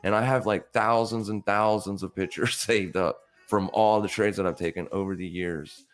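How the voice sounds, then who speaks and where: Male host, deep voice, casual live-stream trading talk, blunt coaching manner. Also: steady tone, moderate pace.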